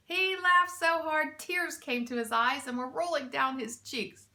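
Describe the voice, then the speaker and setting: A teacher reading a children's chapter book aloud, with slow, expressive storytelling. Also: female voice, sits high.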